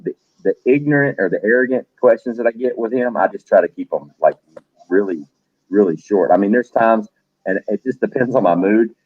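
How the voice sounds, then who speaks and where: A man casually telling funny stories in a chat, quoting people in animated voices. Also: on the low side, fairly quick, breathy edge, narrow, tinny audio. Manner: animated anecdotes with quoted voices. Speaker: host.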